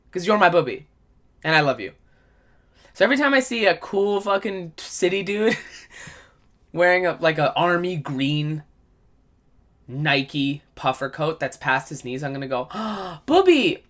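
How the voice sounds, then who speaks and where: A man's voice: fairly high pitch, fairly bright tone. A man hosting a solo comedy podcast, ranting in a rambling, profane way.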